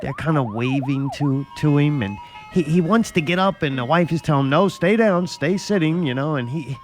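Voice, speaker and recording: A man's voice: on the high side, a little fast, over music. A man hosting a casual talk show, telling a rambling story and swearing freely. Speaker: podcast host. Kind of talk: casual profane chat.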